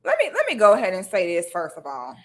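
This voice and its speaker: A woman's voice: on the low side, wildly swooping pitch, fast talker. A woman talking straight to her viewers in a confrontational casual rant, full of sassy asides and repeated "okay?" tag questions. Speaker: vlogger.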